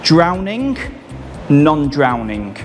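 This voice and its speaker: A man's voice: a little high, very animated, extremely slow, darkish tone. Instructing male first aid trainer. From Manchester, England. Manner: clipped, step-by-step instructions. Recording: reverberant, with music behind.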